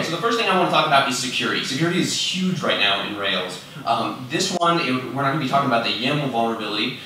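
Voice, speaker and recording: A young man talks casually and self-deprecatingly at a conference, leaning on lots of fillers. His mid-range voice is pushed and bright, recorded from a distance because he moves away from the fixed mic in the large room, so it sounds roomy, sometimes off-mic, with slight background noise.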